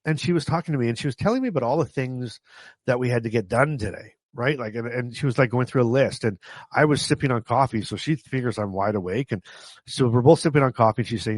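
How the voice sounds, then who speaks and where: A man's voice: mid-range voice, fast talker, dry recording. A man from Canada tells stories from his own life in a chatty, self-mocking way. He breaks into laughter often and trips over his words before starting again. His voice sits in a middle register and sounds close and dry, with no room around it. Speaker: vlogger. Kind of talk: casual storytelling to camera.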